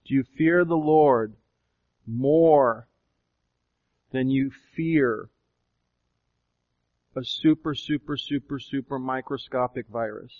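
A pastor preaching a sermon, questioning his listeners again and again, swelling with emphasis and slowing to draw out key phrases. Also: medium pitch. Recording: dull lo-fi recording.

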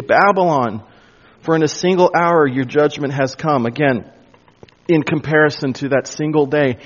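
A male pastor working through scripture in a sermon, pressing his points with emphasis and sinking to a quiet hush when he wants them to land. His voice sits a little high. The recording is dull and lo-fi. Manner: emphatic, drops to a hush for weight. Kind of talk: expository sermon.

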